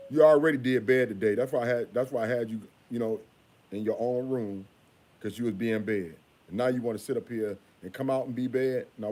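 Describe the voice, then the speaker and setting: A father talking casually in a vlog, repeating himself and scolding in a drawn-out way. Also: medium pitch, darkish tone.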